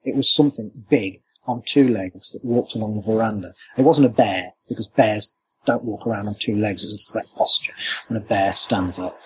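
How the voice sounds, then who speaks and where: A man recounts his experiences with animated storytelling flair. His voice sits at an ordinary pitch but comes through a dull, lo-fi line with a faint hiss of noise and ambience behind it. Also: normal speed. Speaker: cryptozoologist guest. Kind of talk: storytelling interview.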